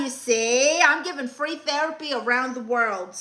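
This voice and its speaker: A woman's voice: high-pitched, moderate pace, bright, forceful tone. A young woman comedian hosting a live stream, reading comments and handing out blunt, sassy advice.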